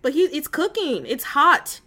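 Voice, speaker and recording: A woman's voice: sits high, sing-song, a little slow, bright, forceful tone. A woman hosting a casual faith talk on a call, earnest and emotional, chatty with many fillers and asides. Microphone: phone call.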